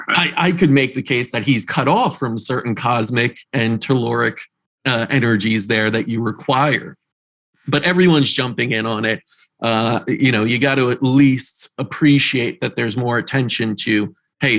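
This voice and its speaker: A man's voice: medium pitch, fairly bright tone. A man hosting a podcast interview, asking long, rambling questions with eager enthusiasm. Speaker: podcast host. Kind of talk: casual interview talk.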